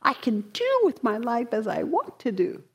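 A brash, swaggering man who mocks and brags about being in charge of himself, as a woman acts him out. His voice jumps up high and loud with scornful energy, a slightly husky edge underneath, told in a slow teaching story. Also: wildly swooping pitch, heavily acted. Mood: boastful. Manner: loud, cocky, mocking. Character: boastful arrogant man mocking the Buddha.

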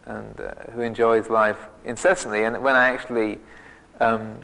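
A man's voice: fairly low pitch, level tone, normal speed, creaky, sharp tone, long reverb tail, low-quality recording. A man, a monk teacher, giving a dharma talk with many restarts and fillers and a self-mocking humor. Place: monastery meditation hall.

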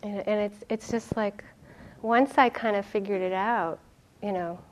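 A middle-aged woman meditation teacher giving a dharma talk, telling stories in an animated way and laughing often. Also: mid-range voice, normal speed. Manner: animated storytelling, laughing often, acting out quotes.

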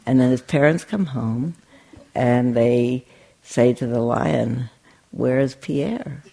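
A woman giving a dharma talk as a meditation teacher, speaking gently and conversationally, with frequent restarts and a playful storytelling streak. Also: extremely low pitch, slow, creaky.

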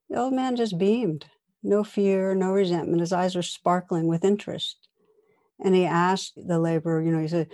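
A woman meditation teacher giving a dharma talk, telling a story in a gentle, reflective way. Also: on the low side, moderate pace. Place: meditation hall.

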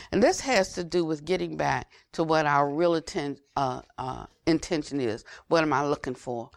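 An older woman giving an unhurried Buddhist dharma talk, repeating phrases for emphasis and trailing to a near whisper at phrase ends. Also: low-pitched, creaky, dry recording, clean studio sound. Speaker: Buddhist teacher.

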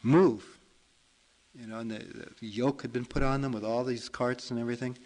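A meditation teacher narrating a folk tale in a relaxed, chatty way, with fillers and self-corrections. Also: male voice, medium pitch, fast, rough recording. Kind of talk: storytelling in a dharma talk.

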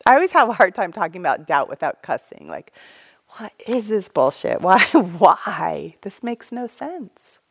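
A woman's voice: medium pitch, gravelly. A young woman teaching meditation in a casual, candid dharma talk, laughing often and acting out thoughts.

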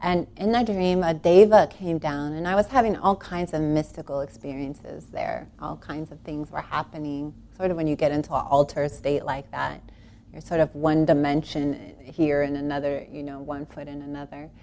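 A woman telling a long personal story about a spiritual retreat, earnest and animated, rambling with restarts and laughing now and then. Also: sits low, normal speed, a little hiss or hum.

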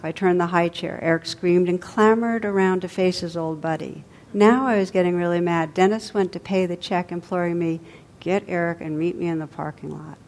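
A woman's voice, low for her sex, unfolds a story slowly and softly during a dharma talk she gives as a meditation teacher. The ends of her phrases ease off and fall away.

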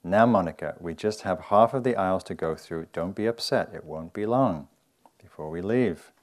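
A man voicing a patient, calm young mother shopping, speaking in a quiet and soothing way. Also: low voice, moderate pace, close to an everyday voice.

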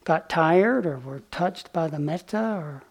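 A man giving a dharma talk as a meditation teacher, telling a story gently and unhurriedly, with pauses and small fillers. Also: fairly high pitch, lively intonation. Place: retreat center meditation hall.

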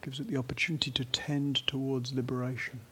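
A man giving a gentle, unhurried meditation talk at a retreat, now and then dropping to a soft whisper. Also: medium pitch, level tone, a little hiss or hum. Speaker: meditation teacher.

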